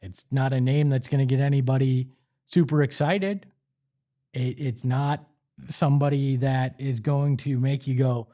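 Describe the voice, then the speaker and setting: A man's voice: mid-range voice, steady tone, a little slow, warm tone. A man hosting a sports talk show, delivering an emphatic, opinionated monologue with pleading asides. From Italian-American family.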